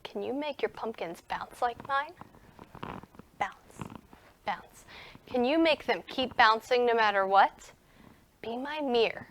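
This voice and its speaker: A young woman teaching a recorded music lesson to young children, gentle and encouraging. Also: fairly high pitch, lively intonation, a little hiss or hum. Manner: gentle and encouraging, speaks slowly to young children, sings and whispers in parts.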